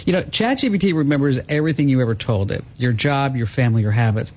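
Husky-voiced male radio host. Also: mid-range voice, quick pace. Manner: chatty, laughs easily. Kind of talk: call-in radio talk. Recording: dull broadcast audio.

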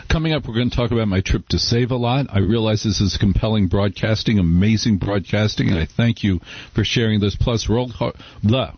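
A middle-aged man hosts a talk radio show, delivering a casual monologue in a wry, rambling, conversational manner. His voice is husky and on the low side, recorded dry on a studio microphone with the highs cut off.

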